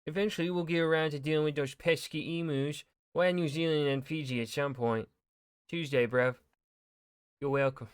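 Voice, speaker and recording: A man voicing a blustering, stereotyped British bloke in a deliberately bad put-on British accent, with loud comic exclamations. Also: on the high side, steady tone, clean tone, dry recording, natural voice. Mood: mock-pompous.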